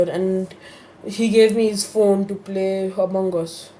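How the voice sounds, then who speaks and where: A woman's voice: mid-range voice, fairly even intonation, a little slow, dark tone, slight background noise. A woman telling a story-time tale in a casual, rambling way, with many fillers and restarts.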